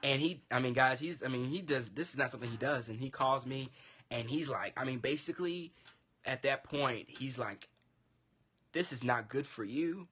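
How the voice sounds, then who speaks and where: Guy telling a story, bright punchy voice, does all the voices. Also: mid-range voice, moderate pace, breathy edge. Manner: animated, acts out quoted dialogue. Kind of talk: casual storytelling.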